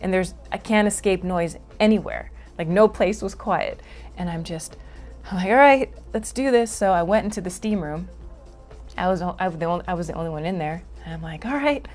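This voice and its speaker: A woman's voice: lowish voice, steady tone, brisk, darkish tone, soft background music. A woman from Canada, a guest being interviewed, explaining casually and animatedly, often laughing and acting out her own reactions. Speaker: guest emotions teacher.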